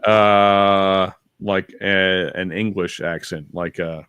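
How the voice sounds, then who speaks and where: A man co-hosting a podcast in casual chat, rambling and halting with many restarts, reading viewer chat aloud. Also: deep voice, steady tone, a bit bright, clean tone, no room sound, lo-fi sound. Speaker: podcast co-host.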